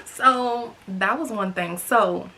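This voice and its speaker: Taking her time in a fairly high voice, a young woman narrates a storytime vlog with chatty energy, talking right to her audience and acting out other people's voices. Slight background noise can be heard.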